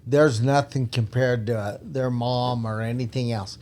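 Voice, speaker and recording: A man's voice: mid-range voice, steady tone, unhurried, a little mellow. An older man, a retired police officer, telling stories in a blunt, emphatic way with frequent laughs on a podcast microphone. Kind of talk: casual storytelling.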